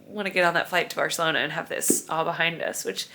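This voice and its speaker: Background noise surrounds a mother and vlogger in her thirties as she talks fast, barely pausing, in a low-pitched, steady voice. Worn out and overwhelmed during a move, she rambles emotionally in a confessional chat from her apartment.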